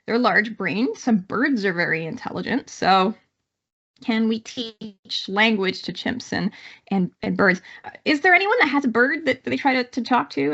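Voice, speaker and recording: Her voice sits on the high side with a fairly bright tone, recorded with lo-fi sound. She's a Canadian-accented psychology instructor delivering a live online lecture in a conversational manner, full of fillers and false starts.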